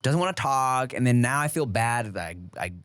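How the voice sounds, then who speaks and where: A man co-hosting a podcast, talking in loose slang and rambling through restarts. His pitch moves around a lot. The room sound is dry and close. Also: lively intonation, normal speed, a bit bright, smooth, no room sound. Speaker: podcast co-host. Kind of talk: casual podcast chat.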